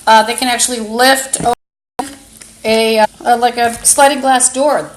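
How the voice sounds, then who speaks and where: A woman host rambling in a live-stream monologue into a phone camera, halting with many fillers and breaking into angry, insulting outbursts. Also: fairly high pitch, steady tone, background noise.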